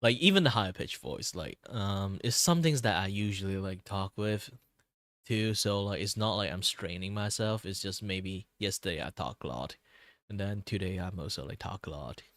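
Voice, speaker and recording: A young man whose first language is Cantonese, chatting casually while drawing, rambling with many fillers and restarts, his low voice tired from talking a lot. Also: moderate pace, no echo, clean studio sound. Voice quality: low, relaxed tone. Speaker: streamer.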